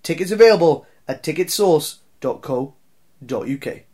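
Casual Welsh podcast host, young, self-deprecating and talkative, pitched a touch high. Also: male voice, expressive, moderate pace, a little mellow. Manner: chatty, self-deprecating, rambling. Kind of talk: casual podcast intro and ad reads.

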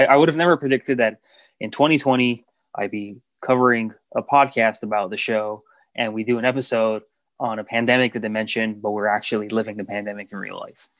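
A man co-hosting a casual podcast, talking in a relaxed, enthusiastic way with many fillers. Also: fairly low pitch, no echo. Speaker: podcast co-host.

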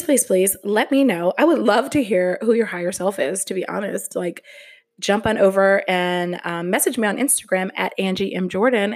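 Woman podcast host, motivational, slow and earnest, casual delivery. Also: medium pitch.

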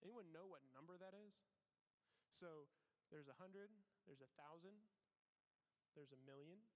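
A young man giving a casual, animated sermon to students as youth pastor, full of fillers and acting out God's questions. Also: fairly high pitch, a little slow. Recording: long hall reverb.

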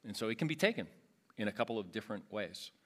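A man's voice: fairly low pitch, animated, fast talker, a bit bright. A man teaching a Bible passage verse by verse in an explanatory way, often restarting and adding asides.

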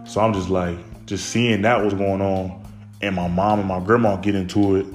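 Young adult male with a lowish voice, loose personal storyteller who rambles and restarts. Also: little pitch movement, moderate pace, soft background music. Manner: rambling, heavy on fillers and restarts. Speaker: storyteller recounting his childhood.

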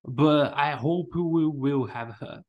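A man's voice: on the high side, slow, lo-fi sound. A man hosting a podcast, chatting casually and teasing his co-host, often laughing. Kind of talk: casual chat.

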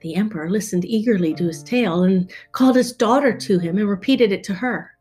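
A woman reading a fairy tale aloud in a measured, expressive storytelling style. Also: medium pitch. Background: soft guitar music.

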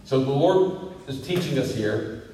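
A male pastor preaching a sermon with emphatic delivery that climbs to loud, high peaks. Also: lively intonation, unhurried. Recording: echoey hall, distant mic, faint hiss.

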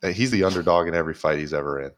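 A man's voice: sits low, rapid-fire. A man co-hosting a casual sports betting podcast, blunt and profane, laughing often. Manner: blunt, swears freely, laughs a lot. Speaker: podcast co-host.

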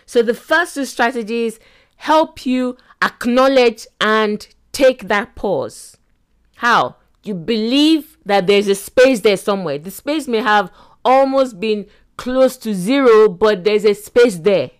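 A woman's voice: medium pitch, expressive, unhurried. A middle-aged woman hosting a self-help podcast, talking animatedly and acting out little quoted scenes with laughs. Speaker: podcast host.

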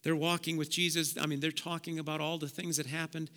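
A male pastor preaching a sermon, swinging between hushed low passages and loud emphatic bursts. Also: little pitch movement, fast. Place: church sanctuary. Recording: long church hall reverb.

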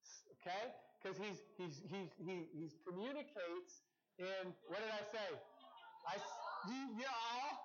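A man's voice: high voice, measured pace, lo-fi sound. A man from the American Northwest giving a casual teaching talk to a group, conversational, with frequent restarts and fillers. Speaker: campus ministry teacher.

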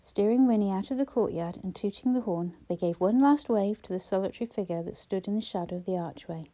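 Mellow-voiced woman narrating a novel. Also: medium pitch, a little fast. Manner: steady storytelling, voicing each character. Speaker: audiobook narrator. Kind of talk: scripted narration.

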